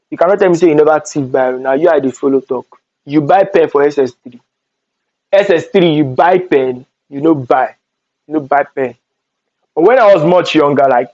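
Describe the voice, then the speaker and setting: A young man with a Nigerian accent telling animated stories in a storytime vlog, slipping into Pidgin asides. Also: fairly high pitch, no echo, highs cut off. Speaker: vlogger.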